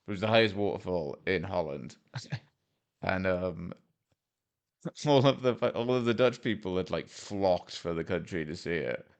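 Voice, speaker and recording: A man's voice: sits low, gravelly. A man from Wales giving rambling, jokey, self-deprecating commentary as a vlogger, full of fillers. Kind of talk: casual commentary over a map game.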